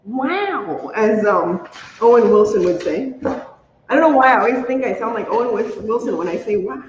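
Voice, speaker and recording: A chatty woman hosting a crafting livestream, talking along as she works and squealing high whenever something thrills her. Her voice sits in a roomy space with a long ring after each phrase. The sound is a bit dull and lo-fi, with a faint hum underneath. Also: moderate pace. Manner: chatty, excitable, squeals when delighted. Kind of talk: casual livestream chat while crafting.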